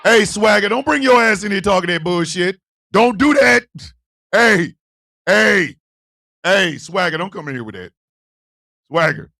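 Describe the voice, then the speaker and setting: Animated, bright-voiced livestream host man. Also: sits high, unhurried, creaky, long pauses. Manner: animated, loud, profane banter with frequent laughter. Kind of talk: casual livestream talk, reacting to chat.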